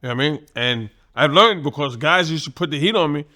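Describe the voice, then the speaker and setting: A man in his sixties, a guest telling animated, profanity-laced stories in casual conversation, laughing at his own tales. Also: a little high, fast talker. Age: 60s. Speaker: guest, boxing trainer and former champion. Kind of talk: casual storytelling.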